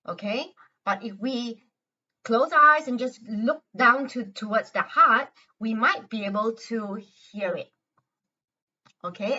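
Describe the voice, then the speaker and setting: An earnest woman teaching a calming exercise, with a somewhat high and very bright, forward voice. She often restarts and repeats her words. The mic sits some way off, and the sound is a little dull and muffled. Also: distant mic. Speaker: health educator. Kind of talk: instructional talk guiding a self-help exercise.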